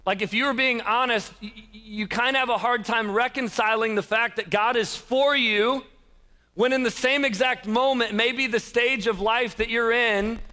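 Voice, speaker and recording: Bright-voiced, animated young preacher. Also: male voice, very high-pitched, normal speed. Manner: animated, self-deprecating, laughs often. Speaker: pastor. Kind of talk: conversational sermon with storytelling.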